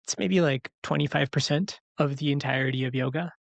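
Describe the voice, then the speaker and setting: A man's voice: mid-range voice, brisk, creaky, no room sound. A man co-hosting a podcast who teaches yoga, explaining his views in an opinionated, casual way. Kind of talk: casual chat.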